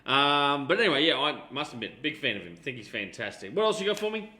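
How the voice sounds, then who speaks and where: A man's voice: mid-range voice, sing-song, quick pace, sharp tone, reverberant. An Australian man co-hosting a casual chat show, rambling through anecdotes and swearing freely. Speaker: podcast co-host.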